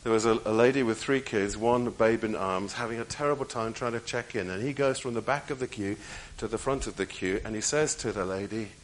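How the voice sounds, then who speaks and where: A man's voice: lowish voice, fairly quick, few pauses, slight background noise, poor audio. Man preaching a sermon. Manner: shifts from raised emphatic lines to hushed quiet delivery; repeats key phrases for emphasis.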